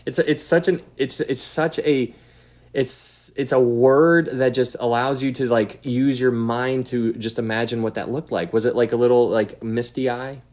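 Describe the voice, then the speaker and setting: An animated man teaching the Bible casually to viewers online, at a middling pitch for a man. His delivery swings between lively, emphatic stretches and quiet, hushed moments meant to drive a point home. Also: moderate pace. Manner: animated, acts out quotes, drops to a hush for emphasis.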